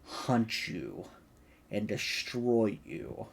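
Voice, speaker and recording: Guy doing a creepy mage hissing threats low and slow, hushed and menacing. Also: big pitch swings, creaky, slightly rough, heavily acted.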